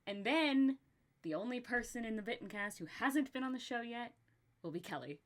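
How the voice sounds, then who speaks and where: Young woman, podcast host, casual chat, slight vocal fry, animated and laughing, loose swearing. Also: fairly high pitch, normal speed.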